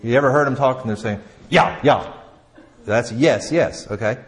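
Teaching in a classroom, this man speaks briskly and conversationally in a mid-range voice. He frequently starts over, poses questions to listeners, and lets his phrases trail off quietly.

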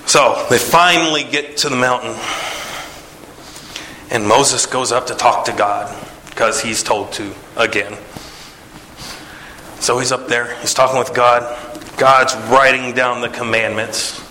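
A man retelling a Bible story in a casual, animated way, acting out the characters with sighs and jumps in pitch. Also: measured pace, long pauses, a little hiss or hum. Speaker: preacher. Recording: echoey room.

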